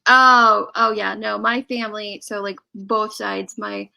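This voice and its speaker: A woman's voice: mid-range voice, steady tone, measured pace, vocal fry, pushed and bright. A woman from Illinois hosting a casual live-stream chat, chatty and laughing often as she reads out viewer messages. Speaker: host.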